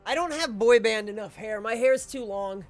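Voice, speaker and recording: A man's voice: high voice, normal speed, faint music behind. A man streaming a video game, chatting casually to his viewers in a rambling, profane way, often cutting himself off and chuckling.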